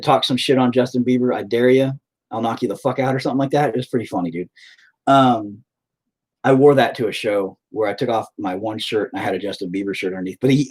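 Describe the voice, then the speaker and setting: A man's voice: fairly low pitch, breathy edge. A middle-aged man telling rambling, profane stories in a laid-back way while painting. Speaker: painter and musician streaming. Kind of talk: casual storytelling while painting.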